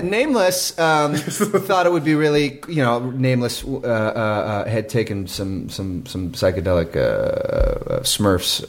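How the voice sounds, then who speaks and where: A man, a podcast guest, telling a rambling story in casual chat, often laughing and filling pauses with um and uh. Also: medium pitch.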